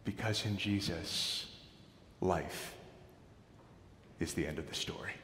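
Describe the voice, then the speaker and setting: A man's voice: low voice, slow pace, a little hiss or hum. Man preaching in a reverberant church. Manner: dramatic storytelling, building to loud proclamations. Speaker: pastor. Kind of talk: sermon. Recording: echoey hall.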